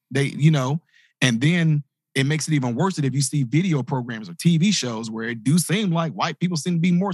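A man, a motivational speaker, telling a personal story in an animated way and acting out the voices of the people in it. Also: a little high, breathy edge, dry recording, clean studio sound. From grew up in inner-city projects. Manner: animated, acts out quoted voices. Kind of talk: storytelling talk.

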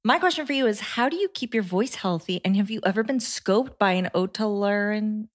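A woman's voice: medium pitch, lively intonation, a little fast. A young woman co-hosting a podcast, friendly and laughing easily as she reads out listener questions. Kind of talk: casual podcast chat.

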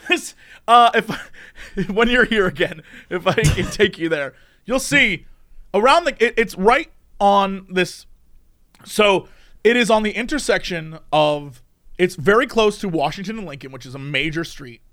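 Animated, high-voiced man telling a story. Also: measured pace. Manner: animated, laughs often, acts out voices. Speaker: podcast storyteller. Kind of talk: casual storytelling chat.

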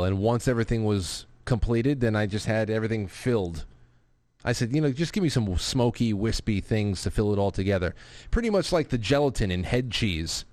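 A man's voice: on the low side, a little mellow, no room sound. A man hosting a casual live talk show who reads out viewer messages and rambles with restarts and profane asides. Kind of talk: casual live-stream talk, reading super chats.

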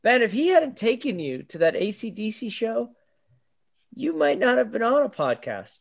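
Upbeat high-voiced podcast host. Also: male voice, very animated, moderate pace, gravelly. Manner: upbeat, prompting others with questions. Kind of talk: casual chat.

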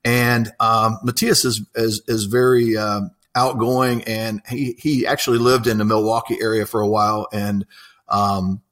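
A man's voice: fairly low pitch, flat delivery, a little slow, a bit bright. A man, an apprenticeship coordinator telling stories in a casual, enthusiastic interview, rambling with many fillers.

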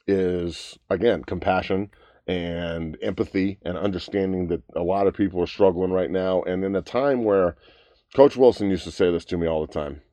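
A man's voice: deep voice, dark tone, no echo, dull audio. A man in his thirties hosting his own talk show, ranting bluntly and profanely about the news. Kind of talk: profane opinion rant.

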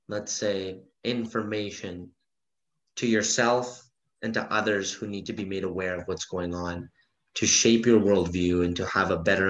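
A man's voice: deep voice, dull audio. A man hosting a casual podcast, talking in an encouraging, upbeat way. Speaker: podcast host. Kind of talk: casual chat.

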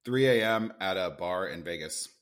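A man in his thirties telling a long personal story in a casual chat, acting out the quotes. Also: low-pitched. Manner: animated, quick storyteller who acts out quotes. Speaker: podcast guest.

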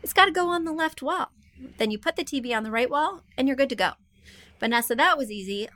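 A woman's voice: a little high, animated, fast talker, sharp tone. A woman hosting a casual design-advice podcast, reading listener emails aloud and answering them with chatty, self-deprecating confidence. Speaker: podcast host and interior designer. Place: small room indoors, street noise outside.

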